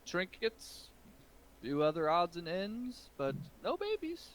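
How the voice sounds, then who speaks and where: A man putting on a high fussy old shopkeeper. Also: huge pitch swings, slow, a little hiss or hum, exaggerated voice. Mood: polite. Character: fussy older male shopkeeper in silks, polite.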